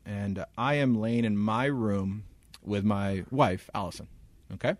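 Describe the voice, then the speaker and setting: A young man co-hosting a podcast, telling a story in casual chat, animated and laughing often. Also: on the low side, measured pace, no echo. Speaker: podcast co-host.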